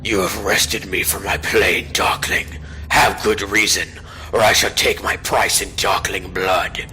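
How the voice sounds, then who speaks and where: Deep slow menacing demon lord, big and arrogant, a guy putting it on. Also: fairly even intonation, bright, forceful tone, soft background music, full character voice, low-quality recording. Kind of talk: reading game dialogue aloud.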